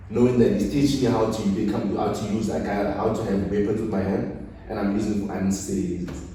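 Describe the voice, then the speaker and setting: Animated man in an echoey room. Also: lowish voice, fairly quick, distant mic. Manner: animated storyteller, swings from quiet to loud. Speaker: podcast guest. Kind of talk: casual podcast chat. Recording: echoey room, speaker off-mic.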